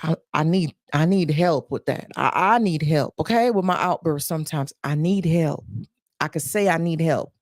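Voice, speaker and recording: A woman's voice: deep voice, normal speed, darkish tone, no room sound, studio quality. A Jamaican woman, a mother, hosting a live stream and speaking earnestly and emotionally, often repeating herself and addressing her viewers directly. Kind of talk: heartfelt live-stream talk.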